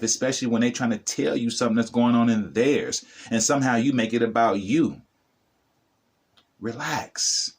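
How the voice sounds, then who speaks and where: A middle-aged spiritual vlogger with a medium-pitched voice delivers a motivational talk straight to the camera. He speaks to the viewer directly in a preachy, repetitive style.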